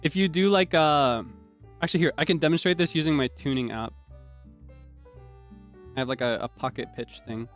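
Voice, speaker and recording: A man's voice: on the high side, normal speed, long pauses, faint music behind. A young man streaming, chatting casually and explaining things in a rambling way with lots of restarts.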